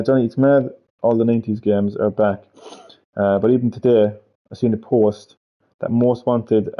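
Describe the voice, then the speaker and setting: A man chatting on a gaming live stream, rambling, swearing freely and repeating himself. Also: medium pitch. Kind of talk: casual live-stream chat. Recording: dull lo-fi stream audio.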